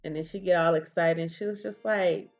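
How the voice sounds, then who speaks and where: A chatty woman telling a story in a relaxed, casual way, laughing often as she goes. Her voice sits on the low side, with faint music in the background. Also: brisk, gravelly, lo-fi sound.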